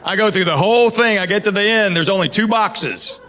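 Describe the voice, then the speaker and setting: Brief: middle-aged man, Southern Tennessee accent, slightly high voice, dry stand-up delivery, live echoey venue. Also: a little fast, pushed and bright. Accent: East Tennessee Southern. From Knoxville, Tennessee, US. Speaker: stand-up comedian. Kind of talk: stand-up comedy set. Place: theater stage before a live audience.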